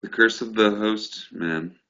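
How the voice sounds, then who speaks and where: A man's voice: lowish voice, takes it slowly, sharp tone. A man co-hosting a fantasy football recap, joking and teasing in casual chat. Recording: dull lo-fi recording.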